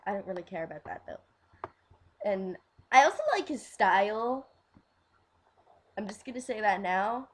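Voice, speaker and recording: A young woman hosts a casual fan vlog in an easy, mid-pitched voice. She talks at a slow, drawn-out pace. Her thoughts wander, and she trails off and starts again with little giggles. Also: animated, background noise. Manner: rambling, giggly, trails off and restarts. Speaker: fan video host.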